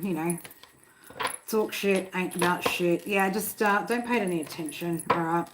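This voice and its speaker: A woman's voice: fairly low pitch, very noisy. Chatty swearing tarot reader woman. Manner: chatty, swears freely, laughs often. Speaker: tarot reader hosting a live stream. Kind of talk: casual live-stream chat. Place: home room.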